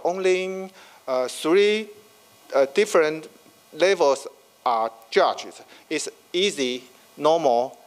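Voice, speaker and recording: Male presenter, highish voice, halting with many fillers. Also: smooth, poor audio. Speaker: conference presenter. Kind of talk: academic conference talk. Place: conference room.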